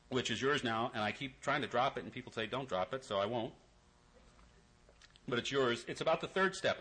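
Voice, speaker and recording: Bright-voiced man giving a recovery talk. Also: mid-range voice, poor audio. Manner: wry comic timing, then quiet and earnest. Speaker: recovery meeting speaker. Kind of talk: comic then earnest recovery talk.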